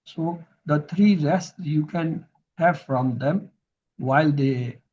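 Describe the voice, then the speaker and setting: Slow, husky-voiced male teacher. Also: on the high side, a little mellow, highs cut off. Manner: patient, repeats terms to drill them. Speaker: Arabic grammar teacher. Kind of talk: recorded lesson explanation.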